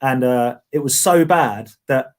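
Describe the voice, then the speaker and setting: A man's voice: mid-range voice, measured pace. A man co-hosting a casual toy chat, joking and poking fun at himself. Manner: jokey, self-mocking.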